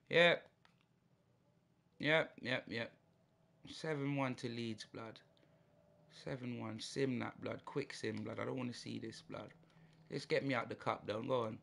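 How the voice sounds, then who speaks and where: A man's voice: medium pitch, moderate pace, vocal fry, fairly bright tone. A young man streaming a football video game, ranting in frustration with slang and swearing. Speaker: gaming streamer. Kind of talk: live gameplay reaction.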